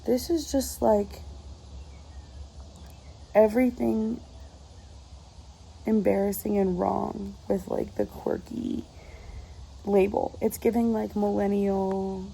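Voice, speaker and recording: A woman's voice: medium pitch, animated, takes it slowly, creaky, pauses often, mellow, slight background noise, rough recording. A woman chatting casually about a book she's reading, rambling and exasperated, with lots of filler words. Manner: exasperated, rambling, heavy use of filler 'like'. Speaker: book reviewer.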